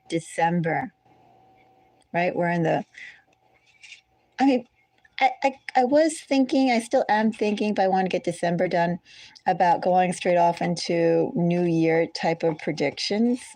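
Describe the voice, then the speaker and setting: A woman with a low, gravelly voice chats her way through a tarot reading. She drifts off on tangents and corrects herself mid-thought. The sound is close and dry. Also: dark tone, no echo. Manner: rambling, digressive, self-correcting. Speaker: tarot reader. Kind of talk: casual chatty astrology reading.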